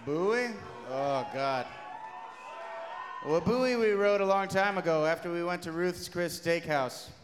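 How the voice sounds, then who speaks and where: Comic frontman, high voice, rambling and profane live banter, echoing hall. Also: unhurried. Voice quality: profane, rambling, shouting bursts. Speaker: comedy band frontman. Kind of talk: loose stage banter and storytelling. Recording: live hall reverb, faint noise.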